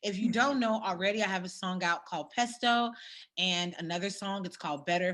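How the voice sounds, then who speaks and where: A woman singer, a guest on a video call interview, talking in an easygoing, soft-spoken way. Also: medium pitch.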